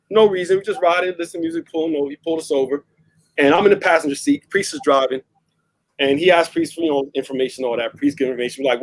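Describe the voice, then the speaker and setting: Fast-talking New man telling a story. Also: fairly high pitch. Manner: animated, laughs often, many fillers and restarts. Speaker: discussion panelist. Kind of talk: casual storytelling chat.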